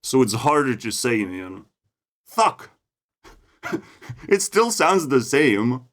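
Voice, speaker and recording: A man's voice: sing-song, slow pace. Ranting man with a Lithuanian accent. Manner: profane, mocking, swings between loud outbursts and low mutters. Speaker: vlogger. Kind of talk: ranting monologue. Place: outdoors in a forest.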